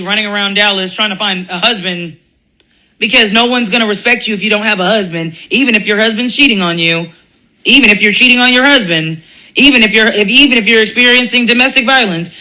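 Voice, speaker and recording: A woman's voice: a little high, sharp tone, low-quality recording. A woman ranting in a blunt, profane commentary monologue, laughing often and mocking other people's voices. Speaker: commentary vlogger.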